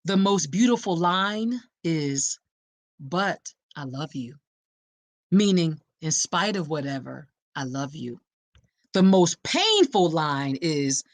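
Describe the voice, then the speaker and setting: A woman hosting an awareness podcast. She preaches straight to her listeners, calls them y'all, and lands her points with punchy emphasis and dramatic pauses. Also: mid-range voice, sing-song, no room sound. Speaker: podcast host.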